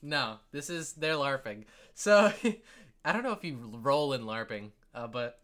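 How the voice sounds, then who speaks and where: A man's voice: mid-range voice, sing-song, measured pace, a bit bright. A man narrating as game master, rambling with many fillers and jumping into character voices.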